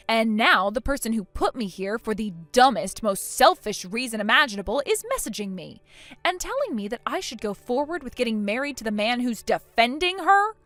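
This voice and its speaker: An icy, furious injured bride. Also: female voice, a little high, fairly bright tone, no echo. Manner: icy, scornful, firm. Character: furious injured young bride, cold and cutting. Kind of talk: text-message story voice acting.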